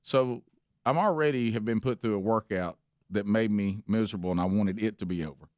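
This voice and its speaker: A man's voice: on the low side, brisk, a little mellow, no echo. A man hosting a casual radio talk show, rambling and chuckling, with lots of false starts.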